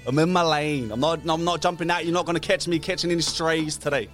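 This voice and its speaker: A man's voice: fairly high pitch, fairly even intonation, fast talker, fairly bright tone, faint music behind. A New man co-hosting a morning radio show, bantering playfully and hyping up listeners. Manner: playful, rhyming hype delivery.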